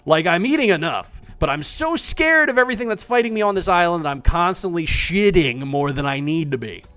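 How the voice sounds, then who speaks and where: A man with a high voice talks fairly quickly while streaming an indie survival game. His casual commentary is animated, full of swearing and self-mockery.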